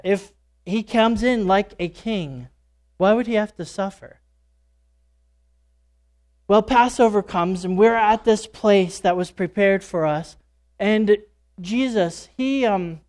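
A man's voice: sits high, darkish tone. A man giving a first-person dramatic monologue as a disciple, speaking as a church speaker in a casual, folksy storytelling way with fillers and asides. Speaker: church speaker retelling a Bible story in character.

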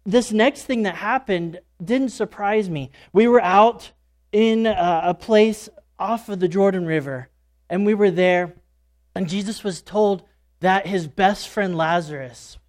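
A man's voice: sits high, a little mellow. Man telling a Bible story in character. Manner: casual, folksy storytelling with fillers and asides. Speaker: church speaker retelling a Bible story in character. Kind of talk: first-person dramatic monologue as a disciple.

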